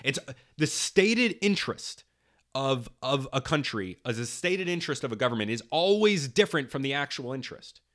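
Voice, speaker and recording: A man's voice: mid-range voice, lively intonation, normal speed, fairly bright tone. A young man hosting a podcast, delivering a heated political monologue, swearing often and repeating himself for emphasis. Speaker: podcast host.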